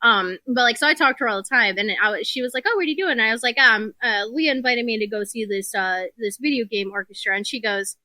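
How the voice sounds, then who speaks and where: A woman's voice: fairly high pitch, fairly quick, few pauses, bright, forceful tone, no echo. A young woman co-hosting a podcast, chatting casually and laughing often as she tells stories. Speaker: podcast co-host. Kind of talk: casual chat.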